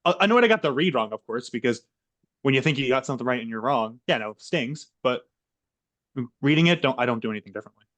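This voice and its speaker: A man who is a finalist, calmly answering a juror's question with explanations and occasional restarts. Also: medium pitch, quick pace, no echo. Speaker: game finalist. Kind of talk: casual online call.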